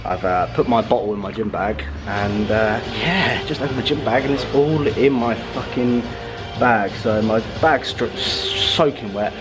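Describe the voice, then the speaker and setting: A man's voice: mid-range voice, unhurried, over music. A man chatting casually and profanely, vlogging as a fitness coach from a parked car. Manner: profane, blokey banter. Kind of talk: casual vlog chat.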